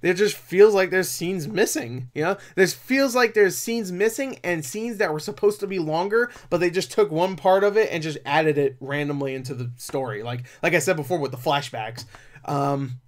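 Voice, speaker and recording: A man's voice: a little high, moderate pace. A man giving a casual movie review, rambling with lots of fillers and profane, exasperated outbursts.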